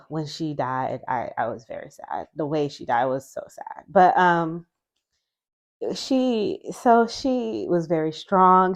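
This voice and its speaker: A woman vlogger chatting casually and rambling as she reviews tarot decks, laughing often and restarting her sentences. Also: on the low side. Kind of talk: chatty casual video response.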